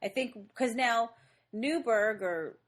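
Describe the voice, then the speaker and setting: A woman's voice: on the high side, takes it slowly. Chatty woman recapping a movie. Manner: animated storytelling, acts out movie lines. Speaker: podcast co-host. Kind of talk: casual movie chat.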